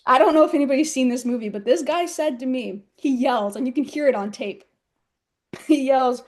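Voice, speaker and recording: A woman's voice: high-pitched, fast talker. A young woman from the United States, a professional wrestler, chatting in an interview and telling stories with frequent giggles. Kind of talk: casual interview chat.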